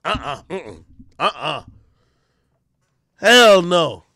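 A man streaming live, telling crude stories in loud, laughing casual chat with sudden yelps. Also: high voice, big pitch swings, drawn-out words, dry recording, studio quality.

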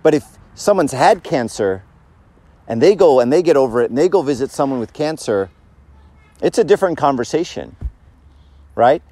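A man's voice: mid-range voice, lively intonation, normal speed, pauses often, warm tone, dry recording. A man giving a casual, conversational sermon, joking and asking the audience questions. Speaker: church speaker.

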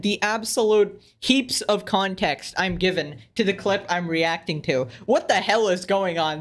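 A man's voice: high voice, a bit bright. Sarcastic rambling guy reacting to clips. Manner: sarcastic and rambling, trails off into "okay?". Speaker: reaction video host. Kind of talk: casual reaction commentary.

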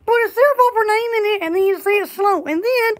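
A woman's voice: extremely high pitch, brisk. A woman chatting casually on a live store video, giggly and silly, drawing out words playfully. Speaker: store vlogger.

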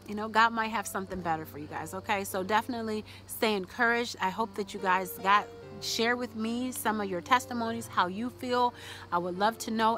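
A woman at a mid pitch talks straight to her viewers in a casual faith vlog. She is chatty and encouraging and leans on lots of fillers and restarts. Faint music plays softly behind her. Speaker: vlogger.

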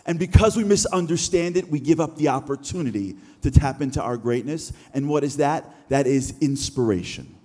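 A man gives a motivational keynote from a stage, talking in a high, animated voice that climbs as he acts out the thoughts of an inspired listener. His voice rings out with the long reverb of a large hall. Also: moderate pace, hardly any pauses. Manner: animated, acts out imagined thoughts with rising pitch. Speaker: keynote speaker.

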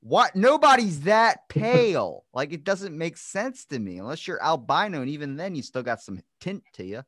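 A man's voice: on the high side, a little fast, hardly any pauses, no room sound. A man hosts a podcast in loose conversation. He swears often and tells his stories animatedly. The sound is dry, with no room around it. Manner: animated, profane storytelling. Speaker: podcast host. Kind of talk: casual podcast chat.

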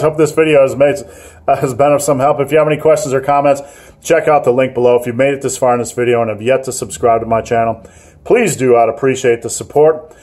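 A man's voice: mid-range voice, a little mellow. A man hosting a fitness vlog, giving gym advice in a joking, rambling, self-mocking way. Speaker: fitness channel host.

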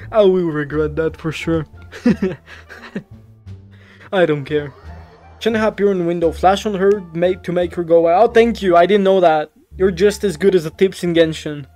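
A young man who is not a native English speaker, playing a horror game and reacting out loud, easily startled and talking to the characters on screen. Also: high voice, moderate pace, soft background music. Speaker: gaming YouTuber.

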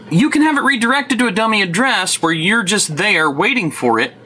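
A man's voice: sits high, animated, moderate pace, pushed and bright, husky. A man vlogging a frustrated, sarcastic and profane rant about a delivery mix-up. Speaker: tech vlogger. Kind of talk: angry rant to camera.

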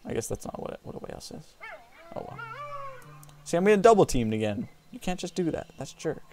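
A man hosting a let's play, giving casual gameplay commentary and excitably trash-talking the creatures on screen. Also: a little high, brisk.

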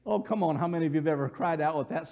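A man's voice: on the high side, rapid-fire. A man preaching a sermon as pastor, telling scenes vividly and acting out voices, leading the congregation to repeat lines back. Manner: leads congregation call-and-response. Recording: dull lo-fi church broadcast audio.

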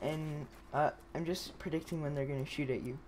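A young woman chatting with friends during an online game, giving quick callouts and teasing. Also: low voice, fairly even intonation. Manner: bossy callouts, playful teasing. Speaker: gamer. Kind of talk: casual gaming chat. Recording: clear background noise.

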